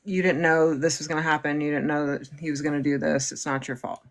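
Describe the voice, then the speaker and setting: A woman hosting a livestream, calmly paraphrasing and explaining what her guest says. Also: sits low, fast talker, creaky. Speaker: livestream host. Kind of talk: relaying and explaining a guest's words.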